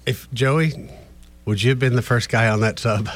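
A man co-hosting a talk radio show, teasing with quick one-liners. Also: medium pitch. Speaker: radio co-host. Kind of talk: casual talk radio banter.

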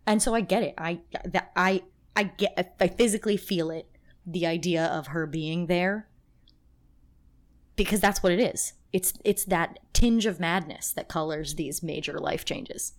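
A podcast co-host speaks in a fairly low, slightly slow voice. Her casual chat is emotional and rambling, with many restarts.

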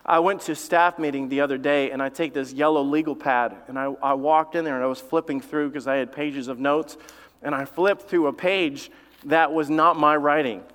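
A middle-aged man preaches in a church sanctuary, his fairly high voice ringing with a long hall reverb. He talks in a conversational, storytelling way, laughing now and then and pushing up for emphasis. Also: steady tone, moderate pace, a bit bright. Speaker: pastor. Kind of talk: sermon.

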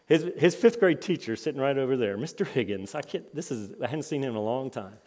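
Storytelling preacher in a reverberant hall. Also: male voice, mid-range voice, brisk. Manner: lively storytelling, voice rising and dropping with the tale. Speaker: conference speaker. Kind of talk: sermon with personal stories.

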